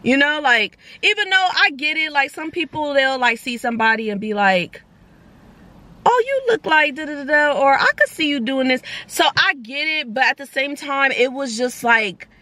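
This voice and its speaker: Speaking straight to camera in a casual storytime vlog, a young woman vlogger loosely chats through a personal story, switching between her own voice and the lines of people she met. She retells the dialogue in quick, animated bursts with a bright, fairly high voice. The recording is dry and close.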